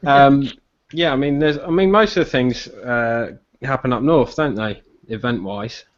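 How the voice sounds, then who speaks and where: A man hosting a casual live-stream chat, chatty and often pausing on ums. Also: medium pitch. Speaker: podcast host. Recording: dull lo-fi stream audio.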